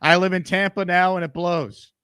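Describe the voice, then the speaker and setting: A man's voice: sits high, steady tone, normal speed, sharp tone, clean tone, no echo. Man host, upbeat sports-stream read of chat comments, dry close sound. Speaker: show host. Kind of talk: live-stream sports talk, reading chat.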